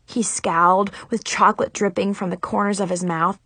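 A woman reading a first-person children's story aloud, lively and playful. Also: medium pitch, normal speed, few pauses, no room sound. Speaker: narrator.

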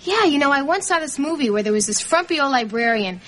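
An actress playing a bossy older sister who coaches her sibling with quick, teasing wisecracks. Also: high voice, animated, fairly bright tone. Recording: sitcom audio with studio laughter.

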